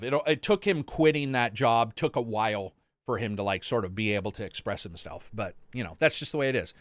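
A man chats casually on his gaming podcast, drifting between stories and show updates in a loose, profane way. His voice sits at a middling pitch and is recorded close and dry, with no room echo. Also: expressive, a little fast, a bit bright. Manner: loose, profane, rambling storytelling with laughs. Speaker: podcast host. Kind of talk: casual live-stream chat.

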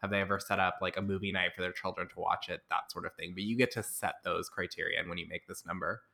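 A man with a lowish, bright, forceful voice hosts a casual podcast chat. He leads his guest through playful mock-formal rating categories, relaxed and easygoing. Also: fast talker, vocal fry. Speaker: podcast host.

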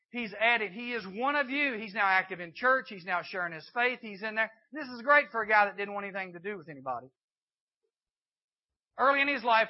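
Man, youth sermon, storytelling, high-pitched, muffled recording. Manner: storytelling, acts out Bible characters in dialogue. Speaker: youth speaker. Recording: dull lo-fi recording.

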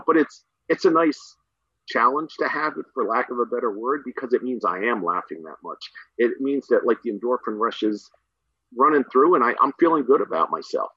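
A man's voice: mid-range voice, animated, normal speed, sharp tone, breathy edge, no echo. A man guest, a middle school teacher and coach, rambling enthusiastically in a casual podcast conversation with many fillers. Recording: dull dry sound.

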